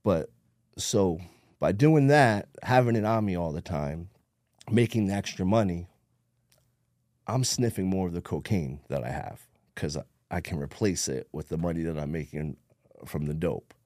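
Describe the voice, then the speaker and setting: A man's voice: low voice, expressive, moderate pace, darkish tone, dry recording, studio quality. A man from New Jersey with a New Jersey accent, telling his story bluntly in a casual interview, swearing freely and acting out what people said. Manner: streetwise, blunt, swears a lot, acts out quotes. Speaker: podcast guest.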